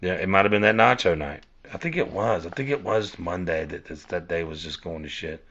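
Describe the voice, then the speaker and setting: A man's voice: low voice, a little fast, fairly bright tone. A man rambling casually through a monologue, cursing and restarting his sentences. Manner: rambling, repeats and restarts, cursing, addresses listeners as y'all. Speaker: podcast host. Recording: dull lo-fi recording.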